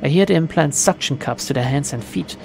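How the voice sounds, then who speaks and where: A streamer voicing a friendly, nondescript man who deals in rumors, talking in a warm, confiding way. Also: mid-range voice, brisk, creaky, background noise, close to an everyday voice. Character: friendly nondescript middle-aged male information dealer. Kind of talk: reading game dialogue aloud.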